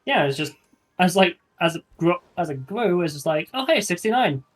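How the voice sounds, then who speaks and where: A man's voice: on the high side, moderate pace. Hesitant guy chatting, music behind. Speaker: guest co-player. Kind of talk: casual chat while gaming.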